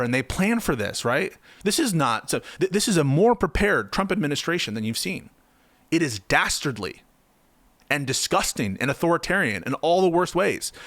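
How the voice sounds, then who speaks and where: A man's voice: mid-range voice, fairly bright tone, no echo. A man giving impassioned political commentary, heated and sarcastic, firing off rhetorical questions.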